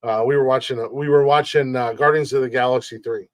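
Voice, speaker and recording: Guy hosting a podcast, mid pitch, stumbles over words a lot, dry close sound. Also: fairly even intonation, fast, no room sound. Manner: stammering, repeats words, laughs often. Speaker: podcast host. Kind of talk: casual chat.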